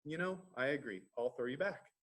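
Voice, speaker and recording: A man's voice: mid-range voice, animated, brisk, a bit bright. A man voicing a greedy fisherman in a children's storybook, musing aloud with thoughtful hums. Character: greedy, wondering male fisherman.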